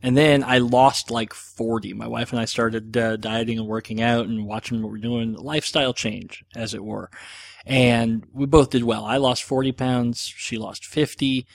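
A man's voice: medium pitch, steady tone, normal speed, creaky. A middle-aged man hosting a podcast, answering listener questions in a rambling, self-deprecating casual chat with plenty of fillers.

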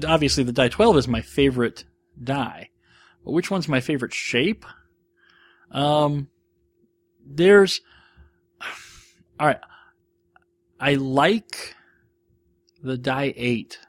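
A man hosting a podcast, talking through listener questions in a loose, rambling monologue. He is quick to poke fun at himself, and his voice sits in an ordinary middle pitch. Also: breathy edge, dry recording. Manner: rambling, self-deprecating. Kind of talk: casual monologue.

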